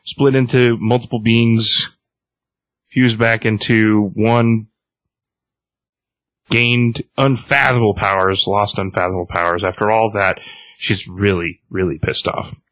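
Man, podcast host, casual comic recap, rambling, fillers, low voice, dry close sound. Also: fairly even intonation, a little slow, a bit bright, no echo. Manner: rambling, many fillers and restarts.

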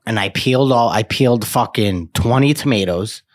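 A man's voice: fairly low pitch, moderate pace. A man, co-hosting a podcast, telling a long gripe story in casual, profane chat. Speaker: podcast co-host.

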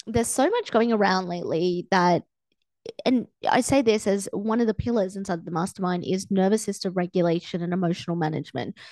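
A woman's voice: mid-range voice, warm tone, no room sound. A young adult woman hosting her own coaching podcast, talking casually with lots of fillers and acting out quoted thoughts. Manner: chatty, filler-heavy, acts out quoted thoughts. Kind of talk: casual solo podcast talk.

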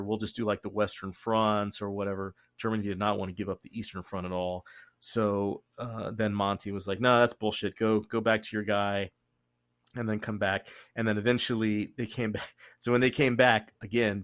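A man with a Texan accent, hosting a podcast and telling history in a casual, profane way, laughing often and doing quick voices. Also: on the low side, dry recording, clean studio sound. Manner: profane, laughing, animated storytelling. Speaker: podcast host.

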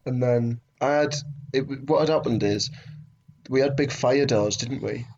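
A young man with a mid-pitched voice recounts a story in a relaxed podcast chat, wry and questioning. Faint clicks sit in the background of the recording. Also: unhurried, lo-fi sound, a little hiss or hum. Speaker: podcast co-host. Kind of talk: casual chat.

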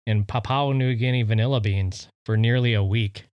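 A man's voice: mid-range voice, fairly even intonation, normal speed, smooth, no echo, lo-fi sound. A man co-hosting a casual chat show, easygoing and offering facts with many fillers. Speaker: podcast co-host.

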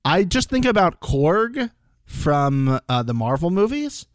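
A man's voice: a little high, sing-song, takes it slowly, dry recording, studio quality. A man co-hosting a casual recap podcast, joking and playfully spelling out names. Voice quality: playful, jokey. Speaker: podcast co-host.

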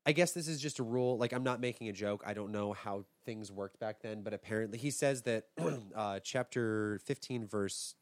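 A man's voice: fairly low pitch, moderate pace, hardly any pauses, dry recording. Crude joking man on a dry mic. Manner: crude, mocking, acts out characters in aggressive voices. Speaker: podcast co-host. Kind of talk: casual comedic chat reading scripture.

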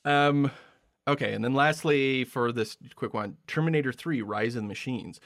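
A man's voice: mid-range voice, moderate pace, fairly bright tone, no room sound. Laughing male podcast co-host, dry mic. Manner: laughs often, presents segments. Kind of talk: casual chat.

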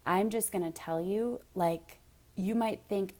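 Woman coach, low-ish voice, earnest and direct, emotional motivational talk. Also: moderate pace, a little mellow. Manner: emotional, near tears at times. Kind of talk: motivational monologue.

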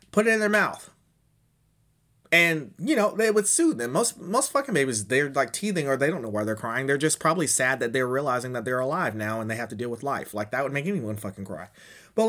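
A man's voice: fairly high pitch, a bit bright. A man in his thirties, a podcast host rambling through a profane, self-mocking comedic monologue. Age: 30s.

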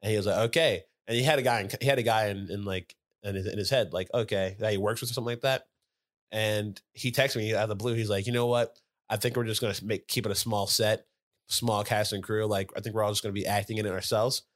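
A man chats on a podcast, swinging into animated retellings of his own arguments. He laughs often and jumps his voice up when quoting people. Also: on the low side, fast talker, dry recording, studio quality. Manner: animated storyteller, laughs often, acts out quotes. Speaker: podcast co-host. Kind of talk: casual podcast chat.

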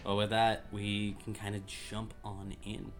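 Man, low voice, game master narration, filler-heavy, faint music. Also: measured pace. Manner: relaxed, many ums while describing.

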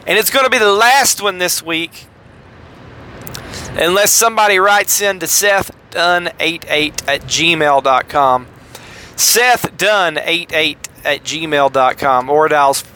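A middle-aged man rambles through a casual podcast monologue. He jokes and pokes fun at himself as he talks. His voice is bright and sits slightly high for a man. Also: slight background noise. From American South. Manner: chatty, joking, self-deprecating. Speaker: podcast host.

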